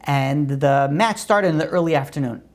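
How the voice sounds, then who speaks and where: A woman teaching a religious class and telling stories in a conversational way. Her pitch rises on emphatic questions. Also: moderate pace, a little mellow.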